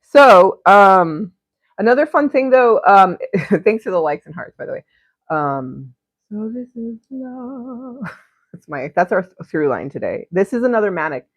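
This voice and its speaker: A woman's voice: on the low side, expressive, moderate pace, no room sound, muffled recording. A young woman hosting an art livestream, chatting casually and crudely while she paints, rambling and giggling between topics.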